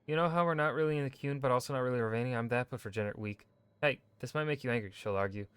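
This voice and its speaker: A man streaming a video game, reading in-game lore texts aloud in a measured, steady way with brief asides. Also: mid-range voice, clear, resonant tone, dry recording. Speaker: gaming streamer.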